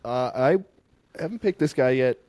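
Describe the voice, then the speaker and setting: A joking man co-hosts a casual sports podcast. His pitch moves up and down a lot. The sound is dry and close. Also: animated, normal speed, darkish tone, dry recording. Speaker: podcast co-host.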